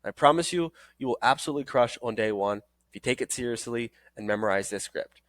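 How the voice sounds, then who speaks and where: An energetic man coaching trainees through a sales script. He repeats phrases for emphasis and talks straight to the listener. The sound is dry and close, with little room in it. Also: medium pitch, fast talker, no room sound. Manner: acts out sales calls in several voices. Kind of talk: recorded training course.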